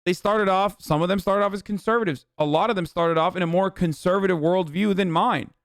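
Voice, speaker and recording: A man's voice: high-pitched, fairly quick, dry recording, clean studio sound. A young man hosting a live stream, ranting with profanity and exasperation at his chat. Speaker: livestream host.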